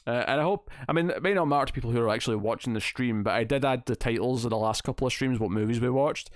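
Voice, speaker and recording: A man's voice: mid-range voice, quick pace, dry recording, studio quality. A man hosting a casual livestream, chatting and reading out viewer comments in a rambling, self-amused way. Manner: rambling, chatty, laughs at himself. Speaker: livestream host.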